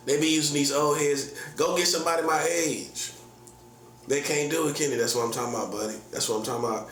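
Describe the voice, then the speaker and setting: A man's voice: a little high, fairly even intonation, fast, fairly bright tone. A man in his forties, a prophet, ranting casually in slangy, repetitive, boastful talk. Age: 40s. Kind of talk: casual vlog rant. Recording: echoey room with faint hum.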